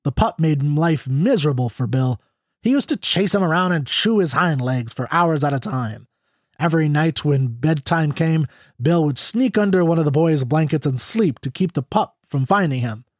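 A man voicing a sly, smooth-talking young cowboy. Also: a little high, expressive, moderate pace, no echo, clean studio sound. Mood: earnest, sorrowful.

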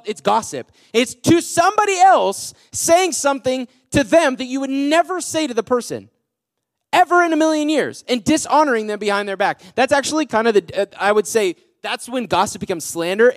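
A man's voice: high-pitched, dry recording, clean studio sound. A young man in his twenties preaching casually and energetically to a youth group as pastor, acting out teenage voices as he goes.

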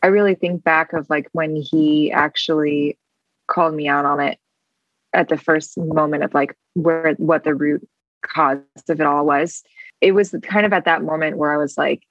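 Low-voiced young woman, earnest and rambling. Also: steady tone, normal speed, dry recording, highs cut off. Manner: earnest, rambling, filler-heavy, emotional. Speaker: guest. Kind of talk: casual faith conversation over video call. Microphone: video call.

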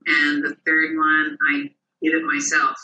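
Bright, distant voice in a roomy space. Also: medium pitch, a little slow, lo-fi sound. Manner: animated, acts out quoted voices. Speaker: guest. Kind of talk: personal storytelling.

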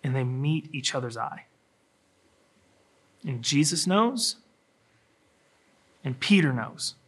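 A man preaching a sermon, acting out scripture in a dramatic voice that drops low and rises to a shout. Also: lively intonation, takes it slowly, slightly rough. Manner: dramatic voicing of scripture, swinging from hushed to shouting. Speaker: pastor.

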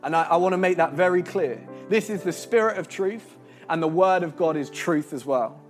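Young male preacher, high voice, earnest storytelling sermon over faint music. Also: moderate pace. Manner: earnest and animated, with restarts and laughs.

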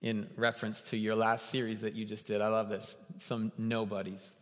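A man in his thirties preaching a sermon as a guest pastor, telling stories and building to loud, emphatic peaks. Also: lowish voice, little pitch movement, normal speed. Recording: long hall reverb.

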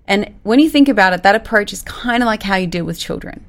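A woman, a business coach giving casual advice, direct and animated, acting out the lines she quotes. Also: mid-range voice, fast talker. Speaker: business coach and recruitment firm owner.

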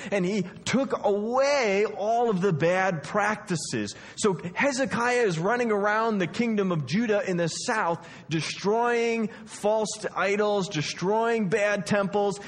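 A man teaching a Bible lesson to a group, telling the story with lively asides and acting out the quotes. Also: high voice, big-room sound.

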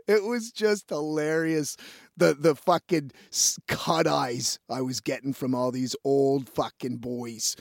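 A man's voice: a little high, a little slow, gravelly, no room sound, studio quality. A male musician telling a rambling story in a casual monologue, swearing often and laughing as he goes.

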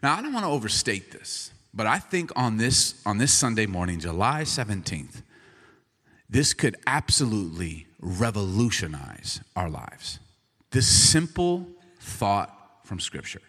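Pastor guy in his 40s telling a funny story, super animated, bright sharp voice, echoing church hall. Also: fairly low pitch, a little slow, breathy edge. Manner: animated, self-mocking, punchy. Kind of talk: humorous sermon storytelling.

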